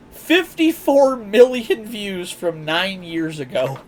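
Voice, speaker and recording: A man with a high voice talks slowly over a slight hiss or hum. He's streaming live, chatting casually and telling animated stories, laughing often.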